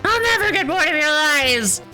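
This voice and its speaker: A woman puts on a raised, piercing voice for a paranoid conspiracy ranter in a game, hurling accusations with grand, theatrical bombast. The tone is bright and sharp, the delivery drawn out and declaiming, and faint music plays underneath. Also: high-pitched, big pitch swings, normal speed, pitched above the performer's own voice, full character voice, rough recording. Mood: ranting. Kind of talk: voicing game characters on stream.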